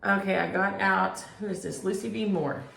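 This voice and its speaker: A woman's voice: medium pitch, steady tone, moderate pace, creaky, fairly bright tone. A middle-aged woman in casual chat about her stitching at home, rambling from one thought to the next. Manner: rambling, chatty, talks to her cats between thoughts. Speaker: cross-stitch vlogger. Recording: echoey room.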